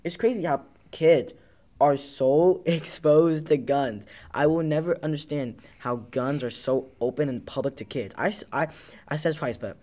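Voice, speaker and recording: A mellow, fairly high-pitched male voice at normal speed belongs to a Tacoma, Washington podcast host. On his casual talk show he tells rambling, profane stories and acts out what people said.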